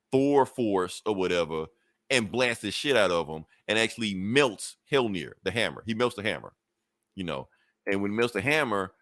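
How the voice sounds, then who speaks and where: A podcast host with a lowish, slightly bright voice rambles through a casual comic book recap, swearing freely and circling back with fillers and restarts. The recording is dry and close, with no room sound.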